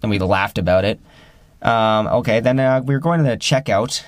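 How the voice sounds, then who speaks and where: A man's voice: moderate pace, no echo. A young man casually telling a personal story, rambling with many fillers and restarts, and lifting his voice to act out the friends he quotes. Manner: acts out quoted friends with rising pitch.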